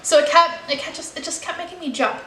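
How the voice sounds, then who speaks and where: Woman, from the US, book vlogger, candid casual chat, bright voice, echoey room. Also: high voice, fast talker, slight background noise. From United States. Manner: chatty and candid, with frequent "like" and "you know".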